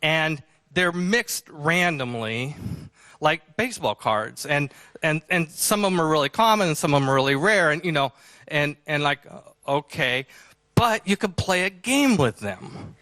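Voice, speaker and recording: A middle-aged man giving a convention talk, telling a story in an animated way and acting out the quotes with laughter. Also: a little high, unhurried, no echo. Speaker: convention speaker. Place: auditorium stage.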